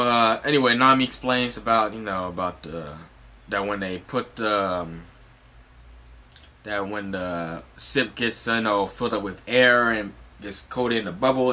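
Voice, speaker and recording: A man's voice: on the low side, pushed and bright. A man casually recapping a comic chapter as host, rambling with many fillers and restarts and some swearing.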